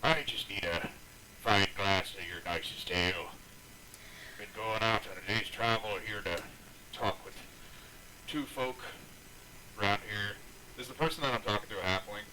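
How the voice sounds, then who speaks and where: A man playing a gruff sailor adventurer in a tabletop game. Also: lowish voice, moderate pace, pauses often, sharp tone, a little hiss or hum, low-quality recording. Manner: gruff, drawling.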